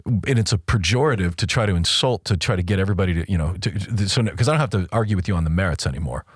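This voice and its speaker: A man's voice: low voice, expressive, racing, husky, dry recording, studio quality. A man co-hosting a podcast, talking through faith and culture in an emphatic, casual way and often restarting his sentences. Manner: emphatic, repeats words while thinking. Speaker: podcast co-host.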